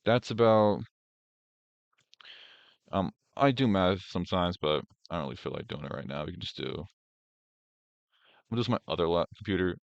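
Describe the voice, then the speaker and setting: A young man with a very low, deep voice, talking loosely and profanely as he reacts on a livestream. He rambles and fills gaps with "um" and "like". The audio is dry and a bit dull, like a lo-fi desk mic. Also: animated, normal speed, creaky, long pauses, dry recording. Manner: rambling, profane, mocking, with filler words. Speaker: streamer host. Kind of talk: casual reaction stream commentary.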